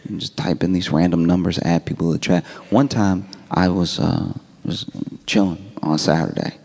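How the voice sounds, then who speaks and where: A man telling a stand-up story on a comedy club stage, laid-back and deadpan, acting out text messages. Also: low voice, normal speed, gravelly. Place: comedy club stage before a laughing audience.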